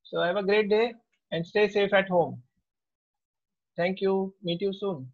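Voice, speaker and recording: Man, teacher calling roll, slightly high voice, slow, tinny lo-fi sound. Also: fairly even intonation. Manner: slow, unhurried roll call. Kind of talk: taking attendance in an online class. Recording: tinny, phone-like audio.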